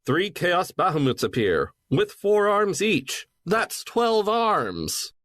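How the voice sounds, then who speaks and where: A man co-hosting a game podcast, recapping the story in a dry, wry, low-key way. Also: very animated, takes it slowly, a bit bright, no echo. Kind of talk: casual recap chat.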